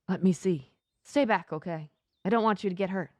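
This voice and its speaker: A woman's voice: medium pitch, moderate pace, darkish tone, dry recording, clean studio sound, natural voice. Woman reading earnest young man Johnny.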